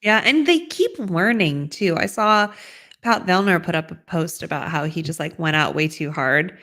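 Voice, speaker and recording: A woman's voice: fairly low pitch, expressive, normal speed, a bit bright. A woman co-hosting a podcast in casual chat, upbeat and chatty, with frequent fillers. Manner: upbeat and chatty, often says 'like'. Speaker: podcast co-host.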